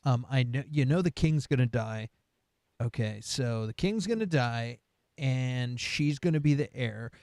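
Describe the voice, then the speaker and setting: A man's voice: medium pitch, animated, unhurried, darkish tone, no echo, clean studio sound. A man co-hosting a casual pop-culture chat, rambling with many fillers and frequent laughs. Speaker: podcast co-host.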